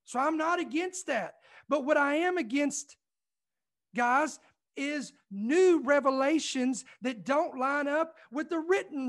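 A male preacher delivers an impassioned sermon in a strikingly high voice. He presses his points over and over, cutting in with "listen" and stumbling into restarts as his fervor builds. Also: fairly bright tone. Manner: fervent, emphatic, repeats "listen" and "I'm telling you"; restarts and stumbles when heated. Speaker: preacher and ministry host.

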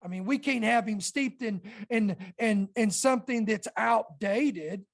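A woman hosting a Christian podcast, talking earnestly and reading her notes slowly, with emphatic stresses. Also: fairly high pitch, vocal fry. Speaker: podcast host. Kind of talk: Christian podcast commentary, partly read aloud. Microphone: podcast microphone.

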